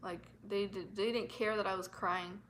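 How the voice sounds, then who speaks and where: A young woman telling a painful personal story on her vlog, emotional and halting, repeating herself with nervous laughs. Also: medium pitch, fairly even intonation, a bit bright, a little hiss or hum, low-quality recording. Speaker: vlogger.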